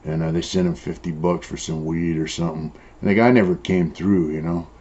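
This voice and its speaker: Older man, from San Diego, deep low voice, blunt, profane, rambling with fillers, muffled lo-fi sound. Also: fairly even intonation, fairly quick, dark tone. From San Diego, Southern California. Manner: blunt, heavily profane, many "uh" and "you know". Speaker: former prisoner interviewee. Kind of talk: casual storytelling. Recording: dull lo-fi sound.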